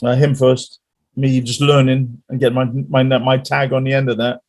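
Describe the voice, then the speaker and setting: Male guest musician, rambling storyteller, mid-pitched voice. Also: little pitch movement, normal speed, a little mellow. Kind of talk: casual interview chat.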